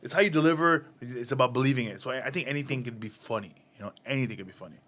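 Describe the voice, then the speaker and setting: Animated comedian telling stories. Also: male voice, medium pitch, very fast. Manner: animated, acts out voices in anecdotes. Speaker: stand-up comedian, guest. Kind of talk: casual storytelling interview.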